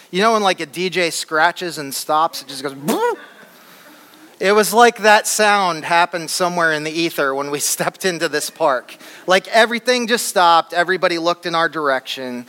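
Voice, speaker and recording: Man from flint michigan, lively humorous storyteller, slightly high voice, bright tone, reverberant hall. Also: clean tone. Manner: animated, humorous, vivid. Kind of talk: personal storytelling to a live audience.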